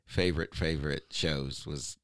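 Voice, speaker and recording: Middle-aged man, very low voice, dry close sound, chuckling casual storytelling. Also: steady tone, moderate pace, a bit bright, dry recording. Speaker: guest singer.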